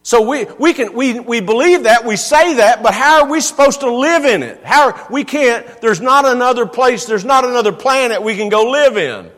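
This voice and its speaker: A man's voice: very high voice, expressive, normal speed, few pauses, fairly bright tone, in a large hall. A man preaching a sermon in a church, earnest and given to repeating words for emphasis.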